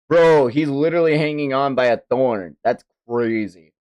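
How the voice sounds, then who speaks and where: A woman streaming a live reaction, excitable and swearing, with many gasps and exclamations. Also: a bass voice, moderate pace. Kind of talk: live reaction to a manga chapter.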